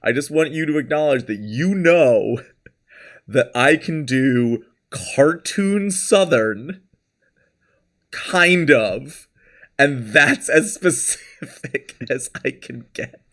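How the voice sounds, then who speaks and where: Rambling, laughing stream host. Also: male voice, on the high side, expressive, slow, a bit bright. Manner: rambling, self-deprecating, laughs often; reads out chat names and thanks followers. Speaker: livestream host. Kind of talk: casual live-stream chat.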